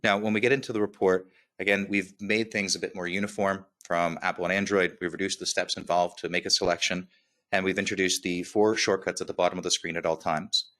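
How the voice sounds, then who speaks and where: Fast-talking low-voiced man with slight lisp. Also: little pitch movement, a bit bright. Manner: upbeat, quick, with filler "right?" checks. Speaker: software demo presenter. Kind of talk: webinar product walkthrough.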